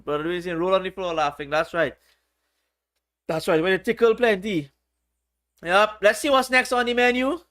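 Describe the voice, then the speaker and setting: A man's voice: high voice, a bit bright. A man hosting a casual livestream, reading viewers' chat aloud in a playful, teasing way. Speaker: livestream host.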